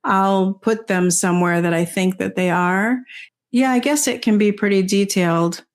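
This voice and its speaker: A woman's voice: medium pitch, normal speed. Older woman, rambling casual chat. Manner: rambling, peppered with "you know" and soft laughs. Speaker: interview guest. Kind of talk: casual conversation.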